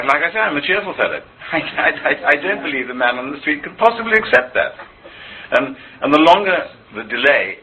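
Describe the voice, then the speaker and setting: Man, interview guest, lively swooping voice, very bright and sharp tone, stumbles over repeats. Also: a little high, a little hiss or hum, poor audio. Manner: animated, with frequent stammered repetitions. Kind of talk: impassioned conversational interview.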